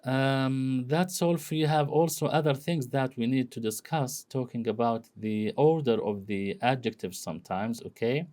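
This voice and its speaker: A man lecturing on English grammar, explaining slowly and filling pauses with "you know" and "okay?". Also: medium pitch, a little mellow. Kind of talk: recorded classroom lecture.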